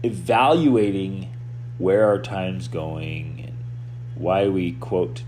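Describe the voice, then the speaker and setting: A man hosting a podcast as a coach, giving a motivational talk in an animated way, often restarting and repeating words. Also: low-pitched, slow, a little hiss or hum.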